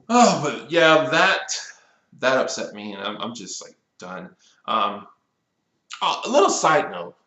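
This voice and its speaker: A man's voice: mid-range voice, measured pace. Exasperated young man ranting in an echoey room. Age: 20s. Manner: exasperated, animated complaining with rising outbursts. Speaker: cartoon reviewer. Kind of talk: casual ranting episode review.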